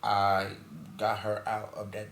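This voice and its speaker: Young male podcast host, very low voice, casual slang storyteller, echoey room with faint hiss. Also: monotone, slow, fairly bright tone. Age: young adult. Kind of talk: casual chat.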